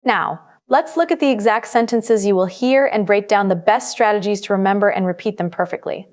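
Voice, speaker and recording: Woman, test-prep instructor, scripted narration, measured and instructive, mid-pitched, studio voice-over. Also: darkish tone.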